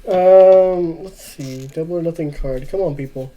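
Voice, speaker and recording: Higher-voiced man in easygoing wrestling chat. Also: unhurried, mellow, highs cut off. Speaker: podcast co-host. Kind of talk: casual chat about wrestling.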